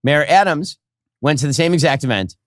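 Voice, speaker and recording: A man's voice: on the high side, expressive, brisk, fairly bright tone, no room sound. A man giving casual commentary on a video clip with wry, dry remarks.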